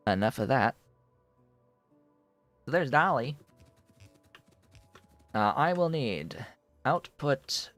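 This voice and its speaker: A man's voice: mid-range voice, gravelly, a bit bright. A man casually thinking aloud as he streams a factory-building game, with playful asides. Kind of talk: casual gameplay commentary.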